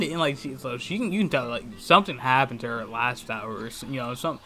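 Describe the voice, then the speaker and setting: Man telling a school story in a bright voice, slangy and profane. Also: mid-range voice, brisk, few pauses. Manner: profane, slangy, constant "right?" and "bro". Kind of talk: casual storytime vlog.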